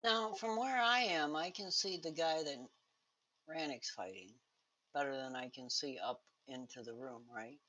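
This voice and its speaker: A player in an online tabletop game, animated and plain-spoken while describing their character's actions. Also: mid-range voice, measured pace.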